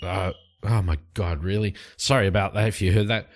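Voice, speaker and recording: A man's voice: deep voice, fairly even intonation, brisk. A young man casually narrating his solo tabletop game, rambling with fillers and restarts.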